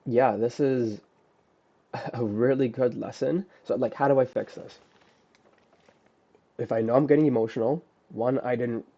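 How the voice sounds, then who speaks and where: A man's voice: lowish voice, warm tone. A man recapping a trade he closed too early, talking in a casual, profane, self-critical way. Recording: dull lo-fi audio.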